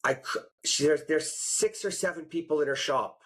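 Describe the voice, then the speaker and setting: A man hosting a podcast in casual chat, telling stories with lively acted-out quotes. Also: a little high, moderate pace, slightly rough. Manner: animated storyteller, acts out quotes. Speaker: podcast host.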